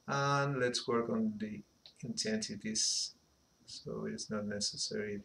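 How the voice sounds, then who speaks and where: A man giving an unhurried animation software tutorial, thinking aloud as he works, with a slight phrasing. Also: on the low side, gravelly, slight background noise. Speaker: animation instructor. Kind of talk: screen-recorded software tutorial.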